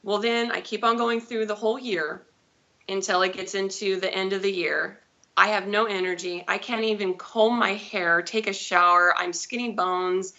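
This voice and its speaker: Woman, 30s, interview guest; gravelly, rambling storyteller on dull lo-fi audio. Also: mid-range voice, steady tone, normal speed, pushed and bright. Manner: chatty, rambling with self-corrections. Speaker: guest, diabetes advocate. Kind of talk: personal storytelling in a live interview.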